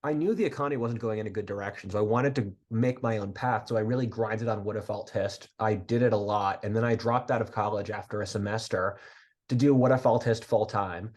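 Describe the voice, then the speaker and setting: A man's voice: on the low side, brisk, a little mellow. A man in his twenties from outside Philadelphia, a podcast guest talking earnestly in long rambling tangents. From area outside Philadelphia, USA. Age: 20s. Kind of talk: casual interview talk.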